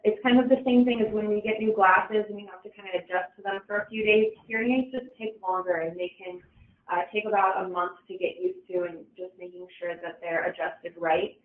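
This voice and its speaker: A woman talks through an educational webinar in a loose, casual way, with fillers and restarts. Her voice sits at a middling pitch and comes through a thin, phone-like channel. It also sounds distant and roomy. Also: fairly even intonation, brisk. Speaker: webinar presenter. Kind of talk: informal educational presentation.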